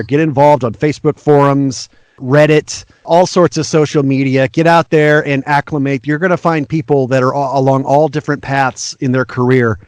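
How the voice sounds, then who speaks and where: A man's voice: on the high side, no room sound. A middle-aged male voice actor, a guest in an interview, giving earnest, frank and encouraging career advice.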